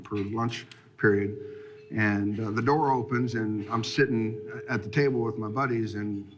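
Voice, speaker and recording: A man in his fifties sits in as an interview guest, recalling his playing days. He tells his stories in a rambling, laughing way, often stopping and restarting mid-sentence. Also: on the low side. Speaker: guest, former college football player. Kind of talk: casual storytelling in an interview.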